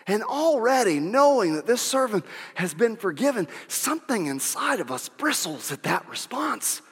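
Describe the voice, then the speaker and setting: High, bright-voiced preaching man. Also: normal speed, breathy edge. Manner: animated preaching with shouted peaks and whoops. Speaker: pastor. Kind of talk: sermon. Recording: long reverb of a large hall.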